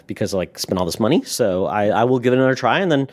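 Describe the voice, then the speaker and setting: A man's voice: on the low side, animated, rapid-fire, no room sound. A man co-hosting a gaming podcast, chatting casually and reading a sponsor spot. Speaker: podcast co-host.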